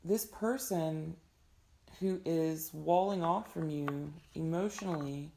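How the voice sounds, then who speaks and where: Hoarse low-voiced woman reading tarot. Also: slow, warm tone. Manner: earnest, advising, frequent fillers. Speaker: tarot reader. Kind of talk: casual spoken tarot reading.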